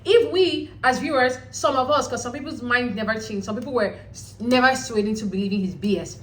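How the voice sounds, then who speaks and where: Woman host, fairly high voice, chatty, blunt recap commentary. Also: fairly quick, hardly any pauses, rough recording. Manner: animated, chatty, blunt with casual swearing. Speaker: host of a reality show recap channel.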